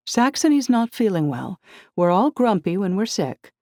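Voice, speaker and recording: A woman reading as a calm middle-aged mother who smooths things over. Her voice sits well above the narration, level and placating, in dry close sound. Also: medium pitch, normal speed, no echo, voice pushed up. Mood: soothing.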